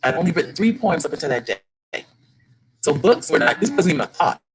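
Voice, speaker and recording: An older woman, a grandmother, telling a story to an audience about writing her first children's book, animated and rising with excitement. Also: deep voice, fairly quick, crowd noise, poor audio. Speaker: guest speaker, children's book author.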